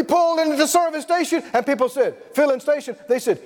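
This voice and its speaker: Brief: middle-aged preacher man, very high, lively storyteller, long echoing hall. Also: quick pace, few pauses. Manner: animated storytelling, chuckling. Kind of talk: sermon.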